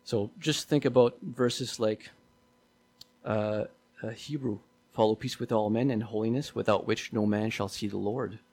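A man delivers a sermon in a conversational tone, circling back to his points and putting questions to his listeners. His voice sits fairly low and carries a gravelly edge. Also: fairly even intonation, unhurried, darkish tone. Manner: conversational preaching with repetitions and rhetorical questions. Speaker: preacher.

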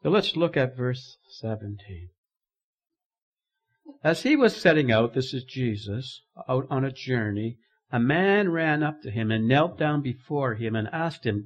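A man's voice: mid-range voice, expressive, measured pace. A man preaching a sermon as pastor, telling a story with emphatic, dramatic delivery.

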